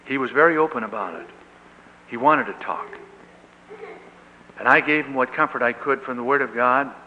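An older man, a pastor, telling an earnest and animated story in a sermon, with emotional peaks. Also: medium pitch, normal speed, slight background noise. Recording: echoey hall on dull lo-fi tape.

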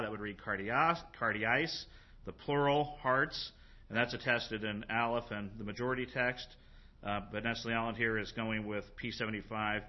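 A man giving an informal lecture on a Greek New Testament passage, thinking aloud with many fillers and reading the Greek words slowly. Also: on the low side, dull audio.

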